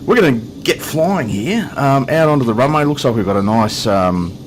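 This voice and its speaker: A man's voice: mid-range voice, animated, moderate pace, background noise. A man hosting a flight simulator video, chatting casually with jokes and self-deprecating asides. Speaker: flight sim video host. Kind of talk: casual gameplay commentary.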